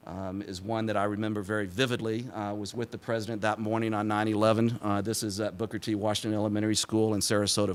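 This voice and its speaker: A man from Texas, in his forties, speaks at a public event in a fairly low voice. He tells anecdotes loosely, with plenty of ums and uhs, and laughs at his own jokes. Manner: self-deprecating, laughs at his own jokes, many fillers. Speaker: symposium speaker, former press secretary.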